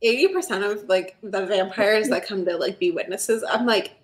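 A woman's voice: mid-range voice, normal speed. Chatty young woman podcaster. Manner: chatty, giggly, sarcastic. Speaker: podcast co-host. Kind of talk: casual chat.

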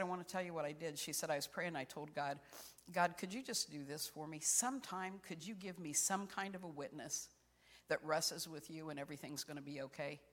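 An older woman with a low voice delivers a heartfelt sermon, encouraging her listeners through personal stories. Her words carry a long, ringing reverb from a church hall. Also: a bit bright. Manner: earnest, personal storytelling with encouragement. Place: church sanctuary.

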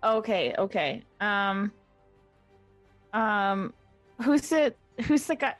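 A woman's voice: mid-range voice, lively intonation, slow, no echo, faint music behind. A woman playing a tabletop game, flustered and apologetic, filling her turn with ums. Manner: flustered, apologetic, many fillers. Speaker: player.

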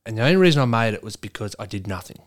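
A man's voice: on the low side, rapid-fire. An Australian man, a racing driver, telling sweary stories in a casual chat. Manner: sweary, storytelling, animated.

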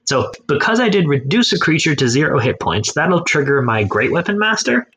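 Excitable swearing man playing a barbarian. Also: on the high side, fairly quick, a little hiss or hum. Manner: excitable, swears often, narrates his character's actions. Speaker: player. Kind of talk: casual tabletop game play.

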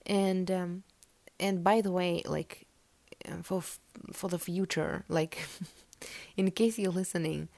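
A woman's voice: fairly low pitch, steady tone, takes it slowly, long pauses, dry recording. A woman, not an English speaker, giving a casual spoken tarot reading, rambling with fillers and correcting herself, often near a whisper. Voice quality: gravelly, soft near-whispered stretches. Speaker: tarot reader podcast host.

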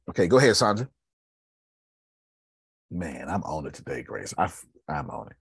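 A man's voice: sits low, very animated, moderate pace, gravelly, slightly rough, dry recording, studio quality. A man leading an online group class as instructor, talking colloquially and repeating phrases for emphasis over a video call.

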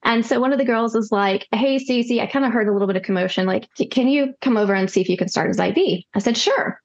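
A woman's voice: a little high, fast. Woman nurse telling stories, plays out all the dialogue, kinda dull lo-fi sound. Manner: lively, acts out quoted dialogue. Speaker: nurse practitioner. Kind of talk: casual storytelling.

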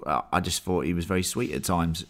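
A man hosting a casual film discussion podcast, animated and swearing freely as he recaps the plot. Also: deep voice, fairly quick. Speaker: podcast host.

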